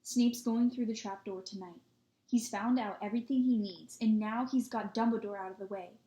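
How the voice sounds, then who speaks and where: A woman's voice: medium pitch, moderate pace, warm tone, natural voice. A woman voicing a determined, defiant boy wizard in a storybook reading, speaking urgently and insistently, in an echoey room.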